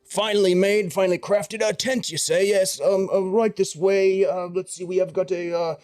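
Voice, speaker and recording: A man's voice: fairly even intonation, darkish tone, soft background music, lightly acted. A man voicing a fussy, eager tall shopkeeper who stammers as he fawns over customers. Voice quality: high, hurried, stammering. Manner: fawning and dithering.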